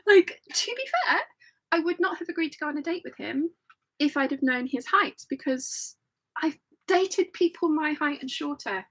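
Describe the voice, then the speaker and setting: A woman's voice: high-pitched, normal speed, fairly bright tone, low-quality recording. A middle-aged woman hosting a casual live-stream chat, telling funny stories and laughing often. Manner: chatty storytelling, laughs often. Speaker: host.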